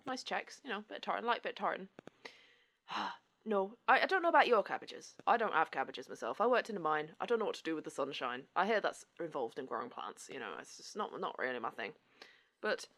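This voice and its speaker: A woman voicing an old male former miner, a rambling villager telling a tale in a gruff voice. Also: a bit bright. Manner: rambling storyteller, drops into a low rough voice. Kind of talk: improvised character play.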